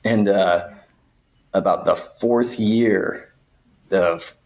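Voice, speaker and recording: A man, a podcast guest, telling a story in a casual, animated way, swearing freely and acting out the people in it. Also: low voice, slow, creaky. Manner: animated, profane, acts out voices.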